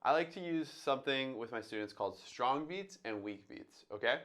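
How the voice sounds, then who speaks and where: Guy walking you through jazz drum transcription, chatty, sings the drum hits out loud. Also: medium pitch, expressive, moderate pace, a little hiss or hum. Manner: talks through his thinking, sings drum sounds aloud. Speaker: drum teacher. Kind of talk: casual instructional talk.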